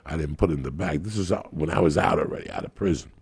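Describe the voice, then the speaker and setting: A man's voice: very deep voice, fast talker, gravelly, husky. A man, a stand-up comedian, telling crude, profane stories on a podcast and laughing at his own jokes.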